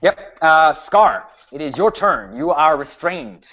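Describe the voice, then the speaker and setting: A man's voice: fairly high pitch, sing-song, takes it slowly, pushed and bright. A man running a tabletop game as game master, narrating attacks and explaining rules firmly, with frequent restarts. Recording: muffled lo-fi recording.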